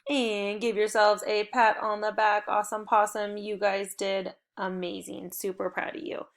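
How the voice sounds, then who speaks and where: A woman's voice: mid-range voice, level tone, vocal fry. A woman teacher leading a phonics lesson for young children, calling out sounds and blends and praising them. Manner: slow, encouraging, prompting sounds and blends.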